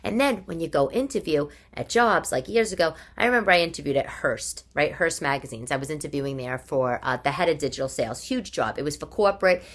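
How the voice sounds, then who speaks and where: Speaking briskly with few pauses, a forty-something New York woman runs a monologue podcast from her living room, chatty, exasperated and full of wisecracks. Her low voice has lively intonation.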